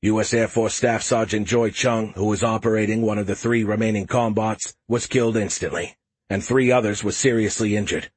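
A man narrating a science fiction audiobook in the first person at a steady, measured pace. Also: fairly low pitch, slight background noise.

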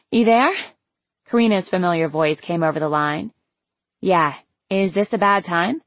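A woman reading an audiobook, voicing an excitable young woman, a teasing best friend who talks loudly with plenty of exclamation. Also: medium pitch, no echo. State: out of breath. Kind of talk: audiobook character voice.

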